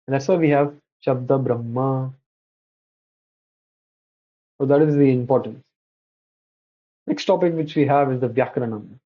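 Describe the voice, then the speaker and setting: A man gives a slide-based religious lecture at a middle pitch. His voice is a little husky, and he often breaks off to correct himself. The recording sounds dull and lo-fi. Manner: halting, many restarts and self-corrections.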